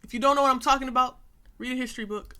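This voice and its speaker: A woman's voice: high voice, steady tone, racing, pushed and bright. A young woman hosting a reaction video, talking in a casual, earnest way and repeating phrases for emphasis. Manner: frequent "you know what I'm saying" fillers.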